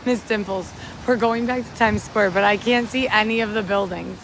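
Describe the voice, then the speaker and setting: A young woman from upstate New York talks on a phone livestream while walking through a rainy city at night. She rambles and chats, and she reads out and thanks her viewers. The street noise is clear behind her voice. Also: medium pitch, a little fast. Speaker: livestream host. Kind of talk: casual livestream chat.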